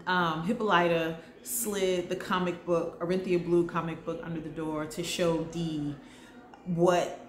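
A woman vlogger recapping a TV episode in a chatty, enthusiastic way with lively slang. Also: on the low side, slight background noise. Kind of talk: casual chat. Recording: roomy echo.

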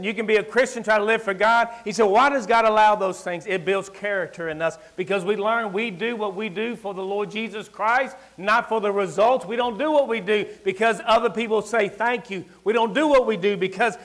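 Male preacher, high voice, rural Southern US accent, folksy and emphatic, big swings in loudness. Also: moderate pace. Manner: emphatic, swings from loud declarations to quiet asides, folksy. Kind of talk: sermon with personal storytelling. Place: church service.

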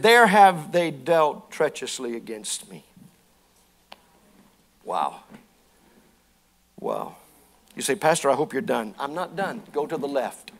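A man preaches to his church congregation in a high voice. He reads scripture aloud and then explains it in folksy terms. At times his delivery climbs into fervent, shouted preaching. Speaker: pastor. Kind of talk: sermon. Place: church sanctuary.

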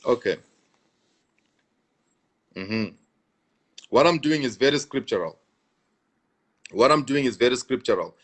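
A man's voice: mid-range voice, animated, unhurried, long pauses. A man, a pastor, talking on a live stream and answering viewer comments, repeating himself for emphasis and laughing between points.

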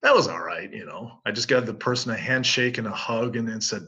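A man's voice: on the low side, animated, a little fast, hardly any pauses, bright, forceful tone, slightly rough. A middle-aged man from Canada, a guest in a casual interview, telling stories animatedly and acting out both sides of conversations. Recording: dull lo-fi audio.

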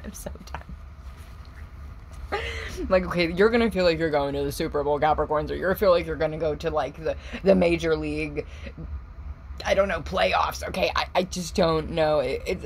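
A woman doing a casual tarot reading for viewers. She is excitable, laughs often, swears casually and calls the audience pet names. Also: sits low, slight background noise, rough recording. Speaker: tarot reader.

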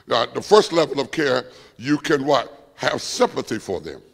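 A man's voice: medium pitch, very animated, moderate pace, vocal fry. A man preaching a Bible study sermon, calling on the room to answer and fill in words. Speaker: pastor. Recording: long church reverb.

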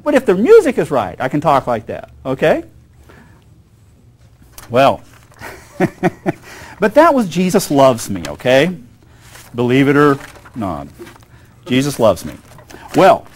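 A man giving a music lecture to an audience, rambling and often checking in with the listeners. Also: sits high. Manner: rambling, keeps checking in with "okay?" and "you know".

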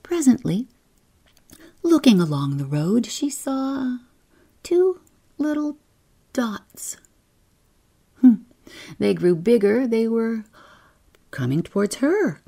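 A woman narrating a bedtime story in a soft, slow, often whispered manner, with a husky, creaky voice. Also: a little high, sing-song.

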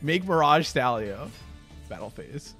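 A man casually commentating card game replays, excitable and quick to burst into laughter. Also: mid-range voice. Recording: faint background music.

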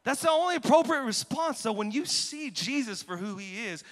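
A man preaching a passionate sermon as pastor, moving from quiet, reflective talk to loud, forceful exhortation. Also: very high-pitched, animated, moderate pace. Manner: passionate, swings from quiet to shouting. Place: large church hall. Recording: long hall reverb.

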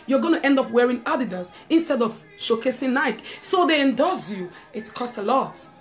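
Woman preacher, live-streamed sermon, animated and talking right to her listeners, soft music in the background. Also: fairly high pitch. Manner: lively, talks straight to listeners with asides; reads scripture aloud.

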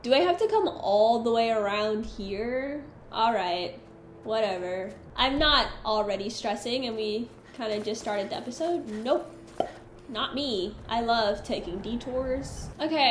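Lively, animated woman gaming streamer. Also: a little high, echoey room, a little hiss or hum. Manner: chatty, easily exasperated, talks to her companion. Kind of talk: casual let's-play commentary.

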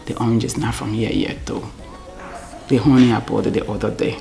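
A woman's voice: extremely low pitch, fairly even intonation, fairly quick, creaky, warm tone, soft background music. A middle-aged woman with a Liberian English accent, chatting casually to her camera at home, wandering off-topic and sometimes sinking to a near-whisper. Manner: rambling, talks to herself, drops to near-whispers. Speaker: vlogger.

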